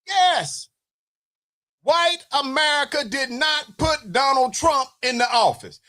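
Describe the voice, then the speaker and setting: A man giving fiery livestream political commentary, preaching at his audience, often shouting and repeating phrases for emphasis. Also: extremely high pitch, animated, slow. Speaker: military veteran streamer.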